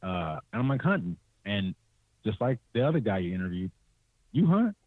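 A young man from California tells stories in a casual, animated way, laughing often and pitching up to quote people. His voice sits low. It comes through a thin, phone-like call line with no room sound. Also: a little fast, dry recording. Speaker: podcast guest, hunter. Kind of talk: casual storytelling. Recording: tinny, dry remote call audio.

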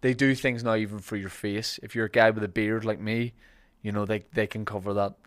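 A man's voice: fairly low pitch, level tone, fairly quick. A man with a Northern Irish accent hosting a podcast, reading ads in a casual, joking way and correcting himself as he goes. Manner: chatty, joking, self-correcting. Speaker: podcast host. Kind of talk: casual podcast chat with ad reads.

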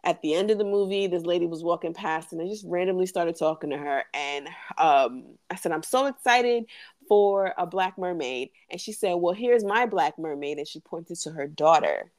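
A woman co-hosting a podcast in casual chat, an animated storyteller who laughs often. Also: lowish voice, a little fast, hardly any pauses, dry recording, clean studio sound. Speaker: podcast co-host.

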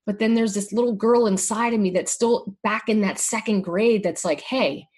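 A middle-aged woman candidly sharing her personal story in an emotional conversation, halting and restarting often. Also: medium pitch, fairly even intonation, darkish tone, breathy edge.

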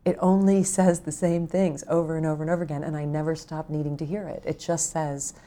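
Middle-aged woman author, deep voice, earnest, tender, conversational. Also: flat delivery, a little fast. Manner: earnest, warm, gently intimate. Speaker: author guest. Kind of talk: casual conversation.

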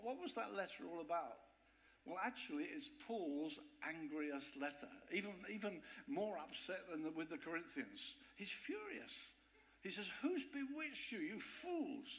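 A man preaching to a congregation in a lively, conversational way. His voice sits a little high for a man, and he slips into the voices of the people he describes, stumbling over and repeating words as he builds his point. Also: vocal fry, poor audio. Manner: animated, acts out quoted voices, repeats words. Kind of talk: sermon.

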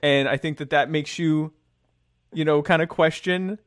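Man, casual political chat, sarcastic, halting restarts, dry recording. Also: a little high, steady tone, dry recording.

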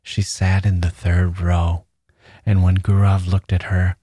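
A man narrating a classic short story in a measured audiobook reading, dropping to a soft whisper at tender moments. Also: sits low, little pitch movement, slightly rough, no room sound, studio quality.

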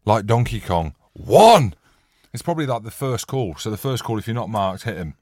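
A man's voice: lowish voice, lively intonation, quick pace, darkish tone, no echo, clean studio sound. A man co-hosting a rugby podcast, telling laid-back anecdotes in casual banter. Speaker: podcast co-host, rugby player.

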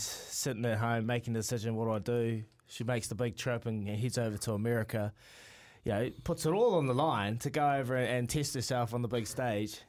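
A young man with a New Zealand accent hosts a talk radio show. He talks loosely and laughs at himself, with a mid-pitched voice. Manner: relaxed, self-mocking, slang-heavy. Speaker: radio host. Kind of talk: casual radio chat.

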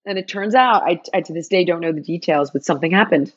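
Lively woman storyteller, dull sound. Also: fast talker, husky. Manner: animated, acts out quoted dialogue with big pitch jumps. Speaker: guest telling her story. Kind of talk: emotional personal storytelling.

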